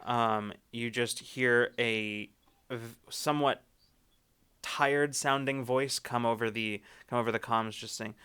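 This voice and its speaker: Male game master, bright and crisp; rambly, restart-heavy narration. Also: medium pitch, steady tone, slow. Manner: rambling, many restarts and fillers.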